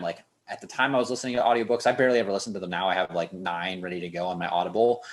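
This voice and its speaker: A man's voice: deep voice, steady tone, racing. Rambling young man hosting a podcast. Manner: rambling, lots of "like" fillers and restarts. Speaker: podcast host. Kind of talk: casual podcast chat.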